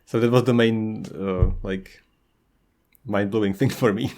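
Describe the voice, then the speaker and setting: A man's voice: fairly low pitch, steady tone, a little slow, a little mellow. A man co-hosting a book podcast, talking enthusiastically with frequent giggles. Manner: enthusiastic, giggly, many fillers. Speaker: podcast co-host. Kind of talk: casual chat about books.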